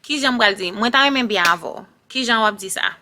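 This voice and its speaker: A woman's voice: a little high, very fast, pushed and bright. A young Haitian woman vlogger giving a playful, chatty English lesson, switching between Creole and English. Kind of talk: casual language lesson.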